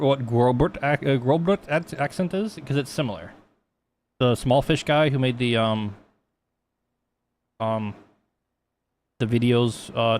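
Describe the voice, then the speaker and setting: A man's voice: mid-range voice, a little mellow, slight background noise. A young man casually walking through 3D texturing on a live stream, rambling, swearing freely and mocking himself. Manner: rambling, profane, self-mocking.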